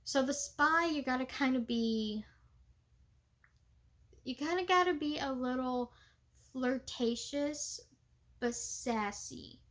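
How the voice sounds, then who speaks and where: A woman's voice: sits high, slow pace, long pauses, fairly bright tone. A young woman reenactor talking in a casual, chatty way, with many fillers and laughs. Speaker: living history reenactor. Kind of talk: casual vlog talk.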